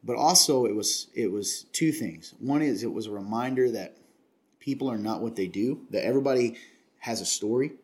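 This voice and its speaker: A man's voice: mid-range voice, moderate pace. A man from Kentucky hosting a casual chat, earnest and confiding, rambling with many restarts.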